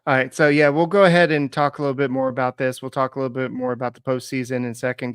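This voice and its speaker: Smooth-voiced relaxed male podcast co-host. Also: mid-range voice, no echo, clean studio sound. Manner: relaxed, frequent ums and uhs, slows while thinking. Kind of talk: casual sports podcast chat.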